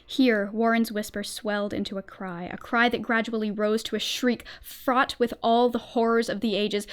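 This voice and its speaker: A woman's voice: a little high, steady tone, normal speed, few pauses, smooth. Woman streamer reading horror aloud. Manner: tense, theatrical narration with swells of volume. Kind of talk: dramatic reading of a horror story.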